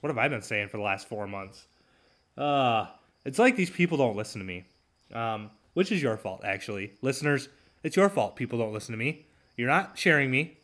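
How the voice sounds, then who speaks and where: A man hosting his own talk show, alone at the mic, with a voice of middling pitch. He rants in a sarcastic, mocking way, with plenty of ums and uhs as he goes. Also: animated, normal speed, a bit bright. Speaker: podcast host. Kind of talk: solo talk show commentary.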